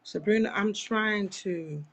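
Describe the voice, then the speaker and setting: A woman's voice: mid-range voice, slow, a little hiss or hum. A woman hosting a live online talk show, speaking straight to her viewers in an impassioned, churchy way. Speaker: live-stream host. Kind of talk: casual live chat.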